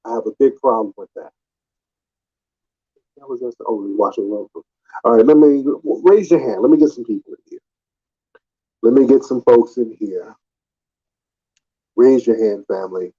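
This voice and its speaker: A man's voice: mid-range voice, normal speed, pauses often, warm tone, slightly rough. A man hosting a live call-in audio stream, talking in a mocking, taunting way and repeating his questions, heard through muffled lo-fi stream audio. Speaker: live audio room host. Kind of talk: combative live call-in talk.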